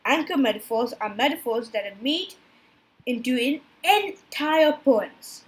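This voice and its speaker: Woman presenter, somewhat high voice, reads slides haltingly, trips over terms. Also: breathy edge. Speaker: student presenter. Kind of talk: reading a class presentation from slides.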